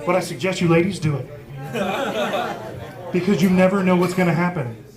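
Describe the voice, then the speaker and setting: A comedian in his forties tells a profane, self-mocking story on a small pub stage. His voice sits high for a man. A lively pub crowd is heard clearly around him. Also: fairly quick. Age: 40s. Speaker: stand-up comedian. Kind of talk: stand-up comedy set. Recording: live pub crowd noise. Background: crowd laughing.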